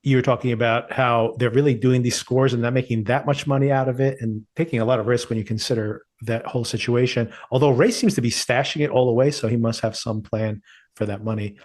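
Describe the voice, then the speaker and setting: Guy on a podcast breaking down a tv episode, average pitch, talks freely and chuckles a lot. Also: steady tone, a little fast, darkish tone. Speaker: podcast co-host. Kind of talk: casual TV review chat.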